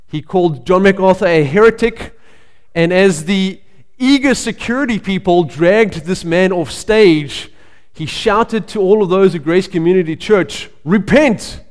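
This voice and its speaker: A male pastor preaching a sermon in a conversational storytelling way, pausing with frequent fillers. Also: high voice. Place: church sanctuary. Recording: long reverb of a church hall.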